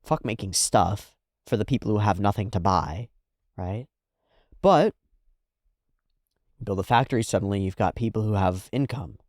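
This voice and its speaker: A man hosting a reaction video, talking casually and animatedly, swearing freely and swinging between loud outbursts and hushed asides. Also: fairly low pitch, a little fast, no room sound, clean studio sound.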